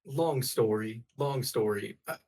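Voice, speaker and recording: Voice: mid-range voice, takes it slowly, a little mellow, distant mic, slight background noise. A laid-back player talking casually in character during a tabletop game. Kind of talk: casual play.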